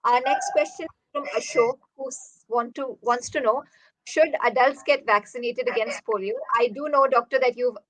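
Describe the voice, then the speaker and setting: A woman's voice: fairly high pitch, normal speed, a bit bright, slight background noise, rough recording. A woman, politely reading parents' questions to a doctor with frequent "uh" fillers as a workshop moderator. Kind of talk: moderating an online Q&A.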